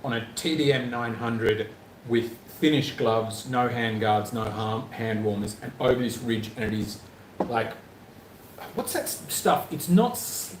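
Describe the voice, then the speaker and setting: A man's voice: medium pitch, animated, a little slow, roomy sound, a little hiss or hum. Jokey man, live chat. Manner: chatty, jokey, rambling. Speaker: travel vlogger on a live stream.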